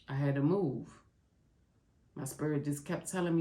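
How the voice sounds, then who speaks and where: A woman's voice: deep voice, moderate pace, long pauses, warm tone. A middle-aged woman hosting a podcast, talking to her listeners in a raw, heartfelt confessional way. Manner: raw, heartfelt, speaks straight to listeners as "y'all". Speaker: podcast host. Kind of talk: candid confessional monologue. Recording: roomy echo.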